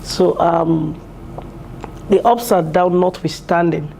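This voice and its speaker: A woman's voice: on the low side, fairly even intonation, takes it slowly, creaky, mellow, a little hiss or hum. A woman in her thirties, a PhD student and mother, speaking in an interview at her university, earnest and heartfelt, with many fillers and restarts. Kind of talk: interview testimonial. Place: university building.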